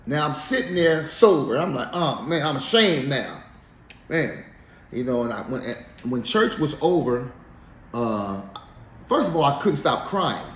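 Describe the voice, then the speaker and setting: A man telling his life story in a casual interview, animated and slangy, laughing as he goes. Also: medium pitch, moderate pace. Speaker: interview guest. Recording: echoey room, faint background noise.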